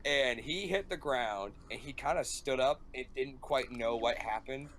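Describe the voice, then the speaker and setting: A young man telling a rambling story in casual chat, full of fillers and animated quotes. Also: medium pitch, a little slow. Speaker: podcast host. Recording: faint background noise.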